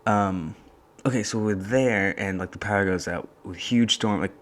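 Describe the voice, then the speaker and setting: A young man hosting a casual solo podcast from a college dorm room, talking in a soft, hushed voice and rambling through stories. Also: lowish voice, moderate pace. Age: young adult. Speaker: podcast host.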